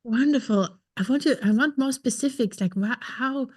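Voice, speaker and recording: A woman's voice: fairly high pitch, moderate pace, darkish tone. Curious woman podcast host. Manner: curious, probing questions. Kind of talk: podcast interview.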